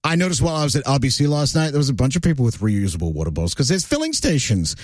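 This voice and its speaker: Sardonic talk radio host. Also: male voice, mid-range voice, sing-song, very fast, darkish tone, dry recording. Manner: opinionated, sardonic, many "uh" fillers. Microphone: studio broadcast mic.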